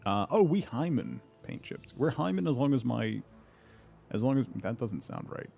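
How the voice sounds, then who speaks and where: A man streaming a video game, chatting casually, excitable and laughing often, repeating words when things go wrong. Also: mid-range voice, moderate pace, creaky, husky.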